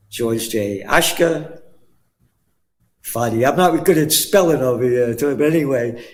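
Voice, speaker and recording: An older man from the Bronx with a New York accent, guest-hosting a talk show in a blunt, rambling, emphatic way. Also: mid-range voice. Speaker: guest host. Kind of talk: casual talk show chat.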